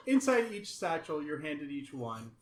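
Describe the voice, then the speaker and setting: A man running a tabletop game, narrating in a playful, halting way with plenty of fillers. His voice is a touch high for a man, with a roomy echo and a faint hiss behind it. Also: sing-song. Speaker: game master.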